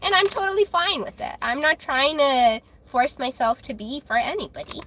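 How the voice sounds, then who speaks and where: A high-voiced woman chats on her own live tarot stream. Her tone is bright and forceful. She speaks bluntly and defensively, with frequent fillers and self-corrections. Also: normal speed, slight background noise. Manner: chatty, many fillers and restarts. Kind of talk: casual live-stream chat.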